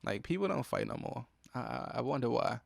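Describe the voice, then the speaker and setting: A man's voice: mid-range voice, lively intonation, a little fast, creaky, dry recording. A young man, hosting a solo podcast and venting in an irritated, profane way about what upsets him. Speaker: podcast host. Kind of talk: solo casual podcast monologue. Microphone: close podcast mic.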